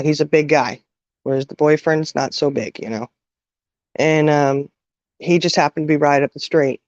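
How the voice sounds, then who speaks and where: A middle-aged woman telling an emotional personal story, halting, with many restarts and fillers. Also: low voice, a little mellow, no echo. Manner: halting, full of "you know" and restarts. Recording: dull, dry sound.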